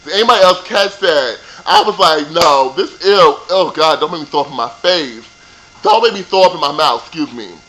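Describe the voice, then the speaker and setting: A man's voice: fairly high pitch, lively intonation, a little fast, pushed and bright, slight background noise, rough recording. A young man ranting casually about a reality show reunion, sassy and profane. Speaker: vlogger reviewing a reality show. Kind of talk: casual rant.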